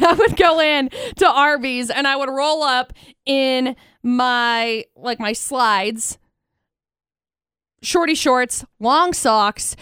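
A woman co-hosting a radio show, telling animated stories and laughing often. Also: sits high, clear, resonant tone, no echo, studio quality. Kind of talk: casual radio banter and anecdote. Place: radio studio.

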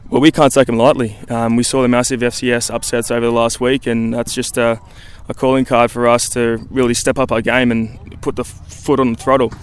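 A man's voice: medium pitch, little pitch movement, clear, resonant tone. A young Australian man, a college football punter, talking easily as a radio guest, with many fillers and restarts. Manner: easygoing, halting with fillers. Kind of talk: phone-in interview.

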